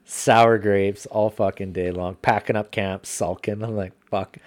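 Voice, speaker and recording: A man telling hunting stories in casual podcast chat, profane and animated. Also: on the low side, a little slow.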